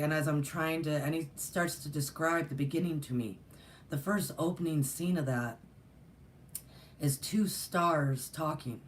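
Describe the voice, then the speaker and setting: A woman's voice: low-pitched, unhurried, a little hiss or hum. A middle-aged woman telling a personal story in a rambling, earnest way, with many fillers and restarts. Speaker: spiritual teacher and channel host. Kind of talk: casual storytelling monologue.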